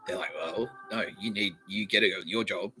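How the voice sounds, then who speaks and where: A man's voice: fairly low pitch, normal speed, sharp tone, soft background music, rough recording. A man, hosting a podcast and telling a rambling, sweary comedic story while laughing at his own jokes. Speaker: podcast host.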